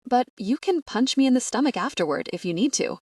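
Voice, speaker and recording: A woman's voice: a little high, expressive, brisk, darkish tone, no room sound, clean studio sound, recorded from a distance, pitched above the performer's own voice. Woman voicing a playful young party clown.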